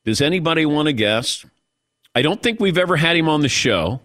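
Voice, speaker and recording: A man's voice: on the high side, brisk, no room sound, studio quality. A man hosting a sports talk show, chatting casually with his crew and joking around. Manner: animated, joking, drops into mock Italian voices. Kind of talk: casual sports radio banter.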